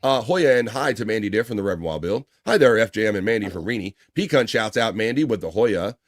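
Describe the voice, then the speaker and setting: A man hosting a casual livestream, reading viewer chat shout-outs aloud with laughs and loose swearing. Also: lowish voice, animated, fast talker, no room sound, clean studio sound.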